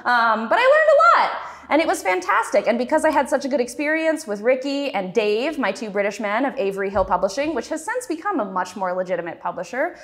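A woman's voice: fairly high pitch, very animated, fairly quick, a bit bright. Woman, 20s, speaker at a festival talk; casual, self-deprecating, lots of ums. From Texas. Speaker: cartoonist guest speaker. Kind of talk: festival talk, personal storytelling.

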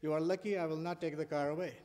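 Guy doing a strict cop with a thick indian english accent, high voice, big echoey hall. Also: steady tone, quick pace, a little mellow, lightly acted. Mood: scolding. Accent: Indian English impression. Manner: heavy put-on accent, lecturing. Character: stern male New York police officer. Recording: long hall reverb.

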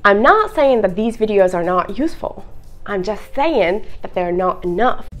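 Lively, animated woman teaching English. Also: medium pitch, moderate pace, faint music behind. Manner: expressive, playful, direct to camera. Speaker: English teacher and content creator. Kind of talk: energetic video lesson.

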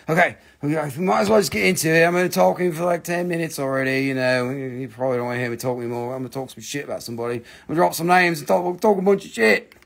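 A man hosting a live sales stream from his home, with rushed, joking sales patter. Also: a little high, creaky. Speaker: live-stream seller of rocks and jewelry.

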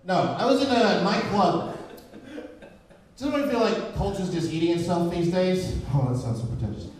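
Performing stand-up indoors at a live comedy venue, this man rambles through sardonic observations in a high-pitched voice with lively intonation at a moderate pace. The distant mic picks up an echoey live room, the crowd, and audience laughter.

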